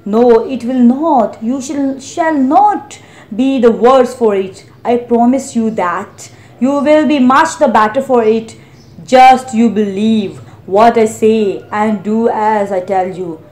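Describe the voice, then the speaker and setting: A woman voicing the north wind as a gentle but scolding spirit, in a roomy-sounding recording. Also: a little high, takes it slowly. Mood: firm. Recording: roomy echo.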